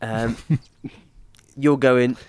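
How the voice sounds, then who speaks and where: A man's voice: mid-range voice, steady tone, extremely slow, smooth, dry recording. A man co-hosting a comedy podcast, playfully questioning and teasing a guest. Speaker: podcast co-host.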